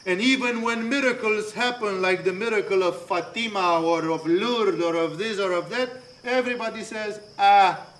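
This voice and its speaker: A man's voice: sits high, normal speed, few pauses, fairly bright tone, a little hiss or hum. A man teaching a spiritual lecture, earnest and storytelling, weaving anecdotes into his points. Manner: storytelling, earnest, acts out quoted voices.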